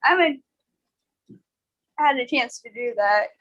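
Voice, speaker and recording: A woman's voice: fairly high pitch, animated, unhurried, a bit bright, dry recording, lo-fi sound. A woman on a team call, sounding unsure and laughing nervously as she talks about her stock. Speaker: team member. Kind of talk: casual chat.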